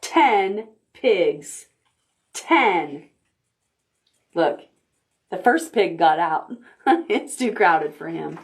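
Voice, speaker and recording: A woman's voice: lowish voice, a little hiss or hum. A woman librarian reading a picture book aloud to preschoolers, pointing out the pictures as she goes. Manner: slow, animated, pointing out pictures to children. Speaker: children's librarian.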